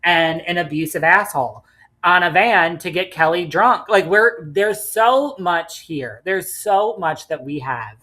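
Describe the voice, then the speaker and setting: A woman with a low voice co-hosts a casual podcast, picking apart reality TV episodes with blunt, animated opinions. She swears freely and talks through her thoughts with lots of restarts. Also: unhurried. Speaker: podcast co-host. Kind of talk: casual reality TV recap chat.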